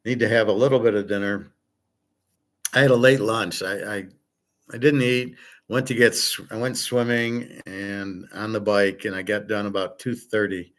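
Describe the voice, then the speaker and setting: A man's voice: on the low side, steady tone, moderate pace, a bit bright. A man hosting a livestream, chatting casually and answering viewers' questions in a blunt, opinionated, wandering way. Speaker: livestream host answering chat. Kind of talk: casual rambling chat.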